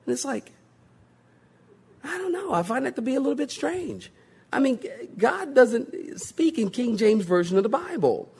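Male pastor, husky high voice, swoops between hushed asides and shouted bits, comic impressions. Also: normal speed. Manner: animated, joking, mimics pompous prayer voices. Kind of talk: sermon.

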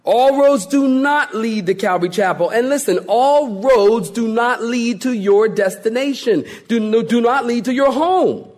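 A male pastor delivering a sermon, animated and joking, acting out quoted voices as he preaches. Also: very high voice, a little slow, hardly any pauses.

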